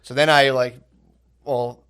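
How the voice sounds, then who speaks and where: A man's voice: medium pitch, little pitch movement, takes it slowly, fairly bright tone, a little hiss or hum. A young adult man co-hosting a comedy podcast, telling crude stories in a casual, laughing, profane way. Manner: laughs through his stories, swears freely. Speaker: podcast co-host.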